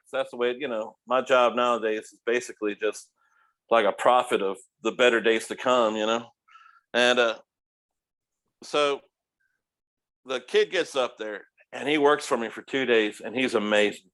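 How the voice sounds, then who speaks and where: A middle-aged man telling restaurant stories as a podcast guest, animated, profane and laughing as he goes. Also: medium pitch, normal speed. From United States. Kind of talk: casual storytelling.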